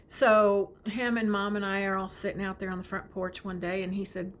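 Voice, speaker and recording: A middle-aged woman telling a personal family story, tender and unhurried, often sinking to a whisper. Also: medium pitch, little pitch movement, slight background noise.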